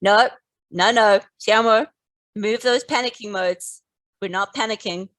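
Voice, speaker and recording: A woman teaching a live online maths lesson, calmly and encouragingly talking students through each step. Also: fairly high pitch, measured pace, no echo, rough recording. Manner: encouraging, calm, talks students through steps.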